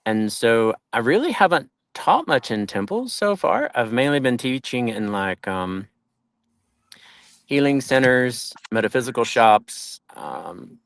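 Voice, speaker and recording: A man's voice: medium pitch, sing-song, measured pace, creaky, no echo. A man, a traveling yoga monk, chatting casually in an interview and acting out voices. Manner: chatty, acts out quoted voices, laughs often.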